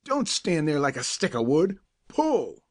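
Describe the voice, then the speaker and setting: A man voicing a bony, fierce canal-boat captain who barks and shouts his orders. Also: fairly high pitch, sing-song, normal speed, voice pushed up. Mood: shouting.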